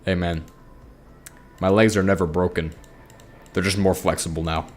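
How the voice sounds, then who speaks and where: Deep-voiced goofy rambling man. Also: flat delivery, moderate pace, slight background noise. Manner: goofy, rambling, self-mocking. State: sleep-deprived. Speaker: Minecraft gaming YouTuber. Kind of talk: rambling casual commentary over gameplay.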